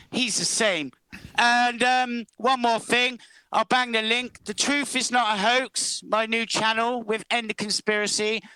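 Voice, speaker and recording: A blunt, crude man on a casual online panel, swearing freely and pausing on ums. His voice is high, bright and smooth. It is recorded close and dry. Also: no room sound, poor audio.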